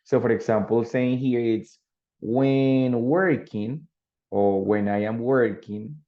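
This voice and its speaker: A man's voice: medium pitch, takes it slowly. A man teaching an English grammar lesson, explaining patiently and checking in with students with "no?" and "ready?". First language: Spanish. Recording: dull lo-fi sound.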